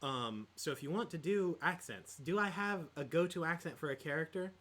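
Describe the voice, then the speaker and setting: A man's voice: on the high side, lively intonation, normal speed, a bit bright. A man co-hosting a podcast in casual chat, rambling with lots of fillers and laughs. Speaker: podcast co-host.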